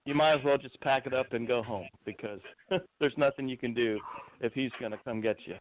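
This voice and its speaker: A man in a poetry group talks loosely, restarting phrases and laughing between thoughts, then reads verse aloud. His voice sits at an ordinary pitch. It comes through a thin, phone-like call line. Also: brisk, background noise. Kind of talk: casual chat and poetry reading. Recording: tinny phone-like call audio.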